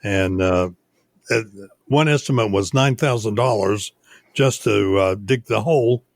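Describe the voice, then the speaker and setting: An older man, a radio station owner, telling stories unhurriedly in a casual interview, with many pauses. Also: lowish voice, dry recording, studio quality. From United States.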